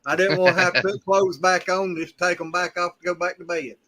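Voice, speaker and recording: A man's voice: high-pitched, flat delivery, brisk, a crowd in the background. A man joking around as a guest on a live video chat, drawling. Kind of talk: casual chat.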